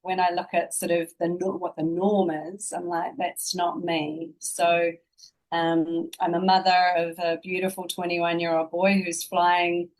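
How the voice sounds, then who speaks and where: A woman's voice: fairly low pitch, little pitch movement, measured pace, poor audio. A woman in her fifties with a New Zealand accent, a guest speaking in a reflective, flowing way about her life. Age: 50s. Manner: reflective, flowing, spiritual phrasing. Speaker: guest, spiritual teacher. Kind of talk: casual interview chat.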